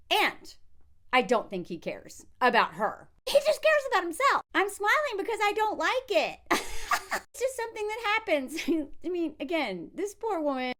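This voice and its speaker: A woman hosting a casual commentary video, talking in an animated way, laughing often and acting out what others said. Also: high voice. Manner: animated, frequent laughs, acts out quotes in character voices.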